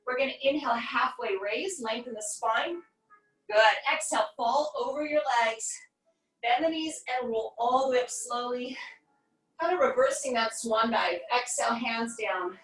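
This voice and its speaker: A woman's voice: fairly high pitch, moderate pace, fairly bright tone. A woman in her forties leading a guided yoga class, cueing each breath and pose with encouragement, a little out of breath. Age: 40s. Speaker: yoga instructor. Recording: echoey room, voice from a distance.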